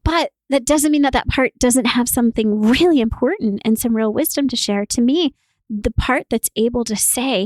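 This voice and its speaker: Female podcast co-host, higher pitch, laughing and animated, dry close mic. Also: moderate pace, no room sound. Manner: laughs often while talking, animated. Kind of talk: casual podcast conversation.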